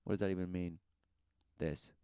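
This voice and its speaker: A man's voice: low-pitched, steady tone, normal speed. A man preaching in a rambling talk, often tossing in rhetorical questions. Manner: rambling, keeps asking "who knew" and "right?".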